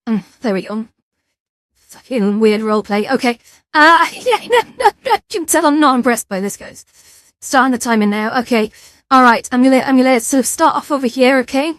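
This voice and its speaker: A woman chats to her live-stream viewers in a casual, self-mocking way, with the odd mild swear. Her voice sits somewhat high. The sound is close and dry, picked up on a headset mic with no room echo.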